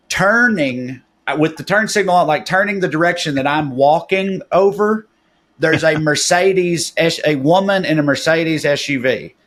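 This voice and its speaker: Rambling man telling a story. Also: fairly high pitch. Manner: rambling, many "like" fillers, animated retelling. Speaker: podcast co-host. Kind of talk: casual storytelling chat.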